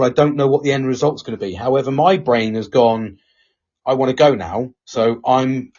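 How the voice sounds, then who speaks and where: Medium in pitch, darkish, and edged with breathiness, this podcast host's voice carries a candid, casual live talk show. He swears heavily and rambles with many restarts, captured in dull lo-fi sound.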